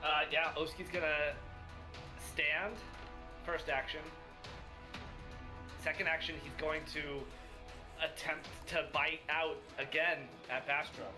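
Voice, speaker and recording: A man playing in a live-streamed tabletop game, describing his character's moves with many pauses and fillers. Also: fairly high pitch, little pitch movement, over music.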